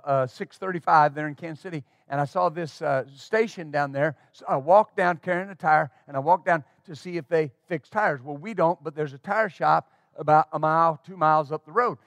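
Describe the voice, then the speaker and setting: A middle-aged man pastor telling a folksy story in a sermon, animated and full of restarts. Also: fairly high pitch, moderate pace, no echo. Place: church.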